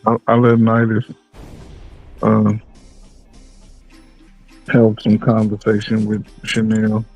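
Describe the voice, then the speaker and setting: A man hosting a live stream, speaking casually with a hesitant, halting delivery. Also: fairly low pitch, monotone, darkish tone, lo-fi sound, faint music behind. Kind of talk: casual chat.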